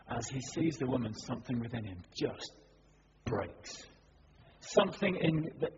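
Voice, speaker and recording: A man's voice: on the high side, long reverb tail. Dramatic male preacher. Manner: vivid, dramatic storytelling with swings between hushed and loud. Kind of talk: sermon storytelling. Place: church service. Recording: dull recording with background noise.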